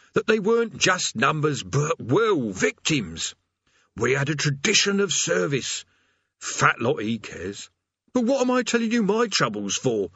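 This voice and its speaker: Guy doing a raspy fed-up hell demon, grumbly and mournful, slow and husky. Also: a little high, a bit bright, no echo, dull audio, voice pushed up, heavily acted. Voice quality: rasping. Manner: mournful, reciting a customer-service script through gritted teeth. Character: weary male demon doorkeeper of hell, put-upon, grumbling.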